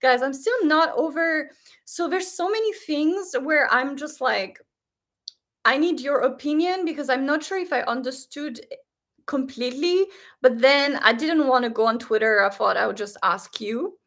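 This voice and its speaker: A woman hosting a casual live stream, talking in an excitable, gushing way with lots of fillers. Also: high voice, normal speed. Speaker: live stream host reacting to a series. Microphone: webcam setup.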